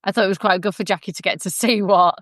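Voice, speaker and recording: A woman co-hosting a podcast, chatting casually with quick reactions and some teasing. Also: mid-range voice, steady tone, fairly bright tone, no echo, studio quality. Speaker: podcast co-host. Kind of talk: casual chat.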